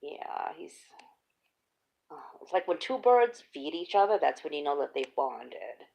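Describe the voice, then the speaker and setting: A middle-aged woman hosting a casual chat, telling animated stories and laughing often. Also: deep voice, unhurried, vocal fry, muffled recording. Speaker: host.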